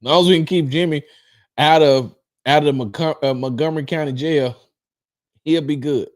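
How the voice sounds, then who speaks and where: A man's voice: fairly high pitch, moderate pace. A man hosting a casual sports livestream, ranting at a troll in the chat. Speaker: livestream host. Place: home streaming setup.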